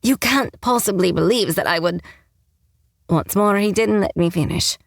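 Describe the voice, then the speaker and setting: A woman's voice: medium pitch, normal speed, gravelly, no room sound. A woman narrating a first-person romance audiobook with a wry, sarcastic tone, on a close mic.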